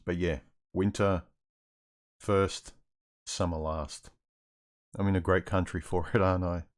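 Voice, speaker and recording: A man's voice: low voice, steady tone, unhurried. A man hosting a livestream Q&A, reading viewer questions aloud and answering them in a rambling, casual way. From Australia. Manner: rambling, restarts often, reads chat questions aloud.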